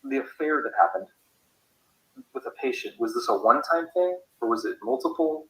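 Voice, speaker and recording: Methodical male interviewer, bright voice. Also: medium pitch, animated, a little fast. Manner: methodical, pressing for details. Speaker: investigator asking questions. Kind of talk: interview questioning. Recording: echoey room.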